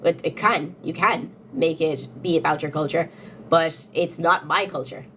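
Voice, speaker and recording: Young woman ranting at her phone, lowish voice, keeps firing questions, faint hum behind. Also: normal speed, a bit bright. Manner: insistent rhetorical questioning, repeats points. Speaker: content creator answering comments. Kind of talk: casual talk-to-camera rant.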